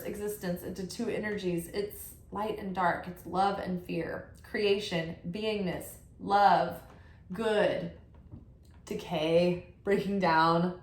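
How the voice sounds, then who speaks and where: Chatty woman giving a tarot reading. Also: fairly low pitch. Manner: animated, chatty, affirming, frequent "like". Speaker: tarot reader. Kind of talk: casual spiritual tarot reading. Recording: roomy echo.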